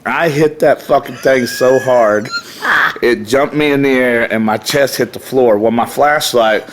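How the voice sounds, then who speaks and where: A man's voice: medium pitch, measured pace, slight background noise. This is a middle-aged man, a guest on a podcast who talks in a rowdy, profane way. His voice sits in the middle of a man's range. When he tells a story, he acts out the people in it. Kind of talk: casual storytelling.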